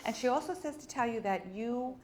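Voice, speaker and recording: A woman working as a spirit medium, giving readings to an audience in a warm, coaxing way and calling people honey and sweetheart. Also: fairly high pitch, expressive, brisk.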